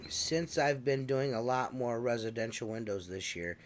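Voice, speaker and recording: A man's voice: medium pitch, moderate pace, crowd noise. A man co-hosting a casual podcast, teasing the others and bantering with lots of swearing. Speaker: podcast co-host. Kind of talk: casual chat.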